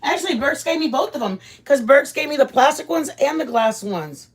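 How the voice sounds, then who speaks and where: A woman's voice: high-pitched, animated, a little fast. A woman chatting casually with viewers while making food in her home kitchen, rambling and greeting people by name. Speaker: vlog host. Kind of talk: casual live-stream chat while cooking.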